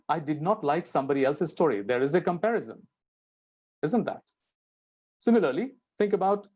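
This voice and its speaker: A man's voice: fairly high pitch, sing-song, fairly quick, long pauses, a little mellow, slightly rough. A man giving a spoken English lesson, explaining and acting out example sentences with changing intonation and stress. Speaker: teacher.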